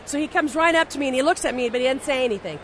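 High-voiced woman telling blunt stories. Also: rapid-fire, a little hiss or hum. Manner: blunt, animated, profane, with frequent restarts. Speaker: interview guest, novelist. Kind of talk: casual anecdotal storytelling.

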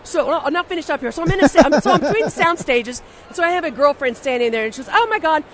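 A woman guest in an interview, telling blunt, animated stories in a casual way with frequent restarts and some swearing. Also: high-pitched, rapid-fire, some chatter behind, slight background noise. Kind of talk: casual anecdotal storytelling.

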